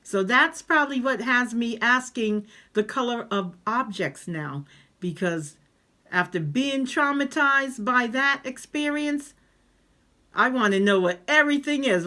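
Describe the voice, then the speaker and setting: A woman vlogger telling a personal story in a casual, animated way, acting out the voices of the people she quotes. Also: on the high side, measured pace.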